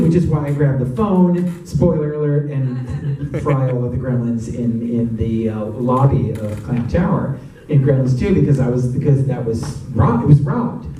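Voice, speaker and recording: A man answering audience questions after a screening, telling stories in a chatty, animated way and laughing often. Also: medium pitch, normal speed. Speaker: actor and guest of a Q&A. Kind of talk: audience Q&A storytelling. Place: cinema auditorium. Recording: echoey cinema from far off.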